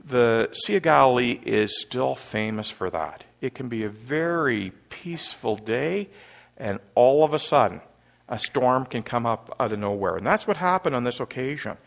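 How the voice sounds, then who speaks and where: A middle-aged man from Canada preaching a sermon, an animated storyteller who acts out panicked scenes loudly. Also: mid-range voice, normal speed, vocal fry. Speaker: pastor.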